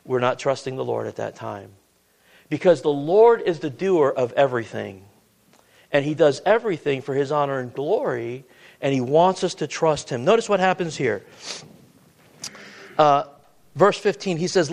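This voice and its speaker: Guy preaching a sermon, high voice, swings up and down a lot, keeps asking the crowd questions. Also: moderate pace, vocal fry. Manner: expressive preaching, repeats words, asks questions.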